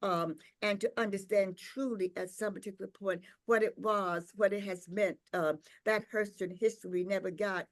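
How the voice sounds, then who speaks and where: A woman's voice: mid-range voice, steady tone. Reflective older woman telling a story. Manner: reflective and unhurried, with frequent "um" and "uh"; repeats words and checks in with "right?". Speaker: invited speaker, professor. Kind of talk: personal storytelling at a tribute gathering.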